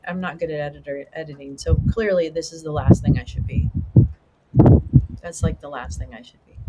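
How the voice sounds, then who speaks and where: A middle-aged livestream host chatting casually with viewers, excitable and rambling, swearing freely. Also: mid-range voice, very noisy.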